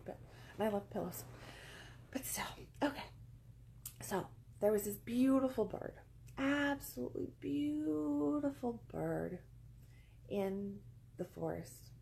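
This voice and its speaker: A woman talks to camera in a loose, rambling storytelling style, circling back and repeating words for weight. Her voice carries a gravelly fry, and a faint hiss sits underneath. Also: medium pitch, darkish tone, poor audio. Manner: rambling, repeats phrases for emphasis. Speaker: vlogger. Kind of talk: casual storytelling monologue. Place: indoors among pillows.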